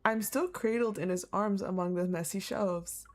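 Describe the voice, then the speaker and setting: A woman's voice: mid-range voice, normal speed. A woman streaming her reaction to a game, reading the story aloud and laughing a lot. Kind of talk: casual live reaction.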